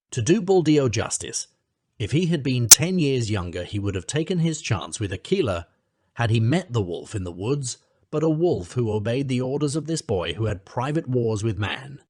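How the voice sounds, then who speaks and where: Husky lively male storyteller. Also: normal speed, dry recording, studio quality. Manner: lively, shifts pitch to voice the characters. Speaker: narrator. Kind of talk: audiobook reading with voiced characters.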